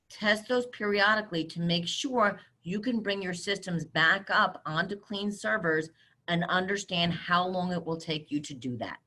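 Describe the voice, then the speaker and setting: A middle-aged woman giving a webinar talk, handing out brisk, direct advice. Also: fairly low pitch, pushed and bright. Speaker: webinar speaker on cybersecurity. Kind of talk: webinar presentation.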